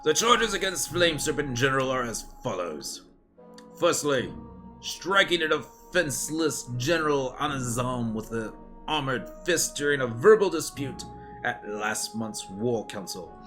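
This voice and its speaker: A man voicing a formal male solicitor who reads out charges in a measured, official manner. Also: medium pitch, animated, fairly bright tone, faint music behind, voice pushed up.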